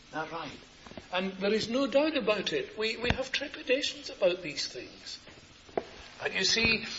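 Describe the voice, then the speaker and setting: An older man preaching a sermon, tender and earnest, repeating his phrases and moving between soft words and raised ones. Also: fairly high pitch. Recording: muffled lo-fi sermon recording with faint hiss.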